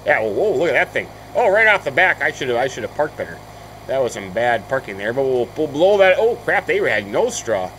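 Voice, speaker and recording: A man's voice: mid-range voice, sing-song, fairly quick, a bit bright, slight background noise, low-quality recording. A man hosting a farming game let's play, chatting casually as he plays, thinking aloud and often breaking into mild exclamations. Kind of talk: casual gameplay commentary.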